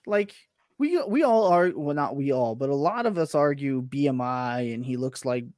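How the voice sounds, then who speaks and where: A man chatting on a podcast as a guest, animated and self-deprecating, often stumbling and restarting his words. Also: mid-range voice, normal speed, dry recording. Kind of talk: casual chat.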